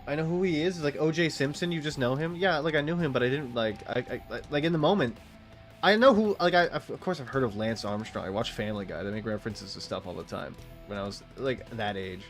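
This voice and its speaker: A man's voice: mid-range voice, fairly quick, faint music behind. A man in his late twenties, a streamer rambling and swearing through casual gaming chat. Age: late 20s. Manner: rambling, profane, animated storytelling.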